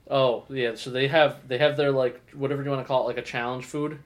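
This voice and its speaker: A man's voice: mid-range voice, little pitch movement, brisk. A man co-hosting a casual podcast chat in a comic shop, rambling with lots of fillers and restarts. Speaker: podcast co-host.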